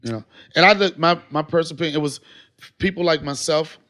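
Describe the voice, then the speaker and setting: A man telling stories in a casual podcast chat, animated and swearing freely. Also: a little high, quick pace. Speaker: podcast guest, former TV sketch actor.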